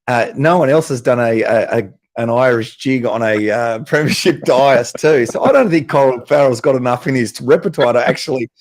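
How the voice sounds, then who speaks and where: A man's voice: mid-range voice, moderate pace, few pauses. A man hosting a podcast in a matey, chatty way. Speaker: podcast host. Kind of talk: casual chat.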